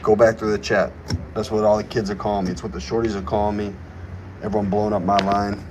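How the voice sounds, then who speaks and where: A young man chats through his livestream in a low voice, greeting viewers and joking around. Faint background noise sits under the talk. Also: little pitch movement, fast talker. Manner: playful, reads chat aloud, hypes himself up. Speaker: livestream host. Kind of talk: casual livestream chat. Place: current location he names while streaming.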